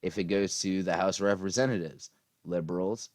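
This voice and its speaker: A man's voice: deep voice, fairly quick, a little mellow, dry recording, studio quality. A man ranting casually about politics, profane and rambling with lots of fillers, tired after a long day. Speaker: political commentary vlogger.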